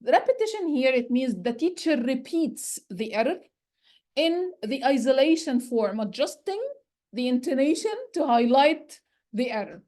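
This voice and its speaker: A woman's voice: high voice, animated, a little slow, a little mellow. A woman lecturer teaching about correcting learners' errors. She explains step by step and often starts with "so". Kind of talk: recorded teacher-training lecture.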